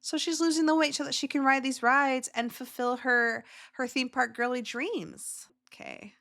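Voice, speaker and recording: A woman's voice: high-pitched, fairly even intonation, moderate pace, gravelly, hardly any pauses, sharp tone. A woman hosting a casual reaction video who gushes emotionally over clips, with many filler words.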